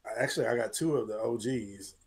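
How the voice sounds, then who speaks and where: A man's voice: mid-range voice, fast talker, a little mellow. A man on a casual panel, deliberating aloud and torn between choices.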